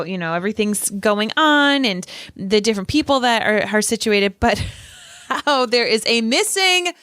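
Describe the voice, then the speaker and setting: A woman's voice: mid-range voice, fairly bright tone, clear, resonant tone, no echo, studio quality. A woman co-hosting a podcast in casual chat, talking chattily with many fillers. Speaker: podcast co-host.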